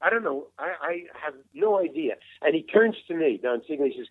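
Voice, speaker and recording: A man's voice: on the high side, animated, a little fast, few pauses, dry recording. An older man, a veteran actor, telling rambling anecdotes in an interview and acting out the dialogue he quotes. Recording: tinny phone-like line, dry.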